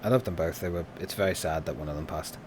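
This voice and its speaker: A man's voice: fast talker, a little hiss or hum. A man hosting a podcast on his live stream, chatting casually and laughing often. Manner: joking, laughs often, lively swings in pitch.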